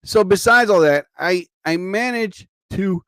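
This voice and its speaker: Sleepy and tired, a man hosts a live show in casual, rambling chat full of exclamations. His voice is high-pitched, animated, pushed and bright, with a clean tone, yet his pace stays unhurried. The studio-mic recording is dry.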